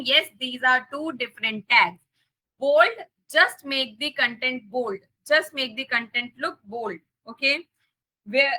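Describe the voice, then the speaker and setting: A woman teaching a live coding class speaks with an Indian English accent in a high-pitched, sharp voice, captured on poor audio. The instructor repeats the key points and checks that her students are keeping up.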